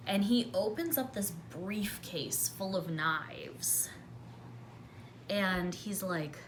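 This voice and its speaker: A woman vlogger telling a story while doing her makeup, chatty and sarcastic, dropping into hushed voices when she quotes people. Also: medium pitch, lively intonation, very slow, a little hiss or hum. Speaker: beauty vlogger.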